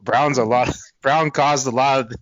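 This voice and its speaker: A man's voice: mid-range voice, fairly even intonation, measured pace, fairly bright tone, dry recording. Laid-back guy, muffled mic. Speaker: podcast co-host. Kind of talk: casual chat.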